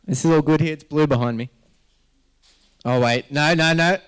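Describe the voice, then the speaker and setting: A man's voice: fairly high pitch, normal speed, smooth. An Australian man hosting a live event as MC, joking and rambling through stories while laughing often. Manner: joking, rambling storyteller who laughs a lot. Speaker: MC at a health summit.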